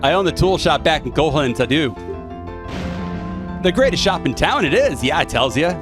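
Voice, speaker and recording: A bragging magic shopkeeper with a put-on British accent voiced by a man, pitched up and swooping wildly. He crows about his wares over video game music. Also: very animated, moderate pace. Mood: boastful. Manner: brash, bragging, "I tells ya". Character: boastful cheap male magic shopkeeper, middle-aged.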